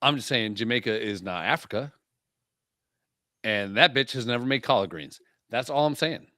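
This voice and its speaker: A man's voice: mid-range voice, animated, bright, forceful tone, no room sound, clean studio sound. A man co-hosting a podcast, cracking provocative, profane jokes in casual banter. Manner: provocative, profane, joking, fast-shifting emphasis. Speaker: podcast co-host. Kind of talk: crude joking podcast banter.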